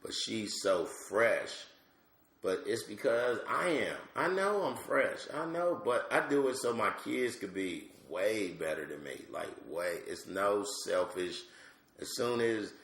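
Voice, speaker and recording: A middle-aged male comedian telling animated, slangy stories as a podcast guest. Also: lowish voice, unhurried. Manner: animated, slangy, lots of asides. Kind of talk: comic storytelling on a podcast. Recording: roomy echo.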